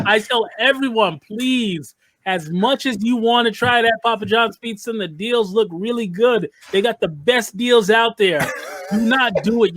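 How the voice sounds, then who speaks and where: A man's voice: high-pitched, heavy background noise. A man co-hosting a podcast, ranting and joking in casual banter. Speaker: podcast co-host.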